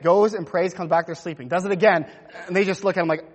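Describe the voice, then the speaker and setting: A male pastor preaches in an animated storytelling manner and voices the people in his text. His voice sits slightly above typical male pitch, and a long reverb trails each phrase. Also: fast talker, few pauses. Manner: animated storytelling, acts out quotes. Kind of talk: sermon.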